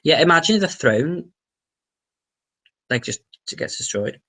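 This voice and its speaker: A man's voice: a little high, animated, slow, a bit bright. Rambling young man on a livestream. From England. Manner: rambling, swears casually, many fillers and restarts. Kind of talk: casual livestream chat. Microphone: webcam.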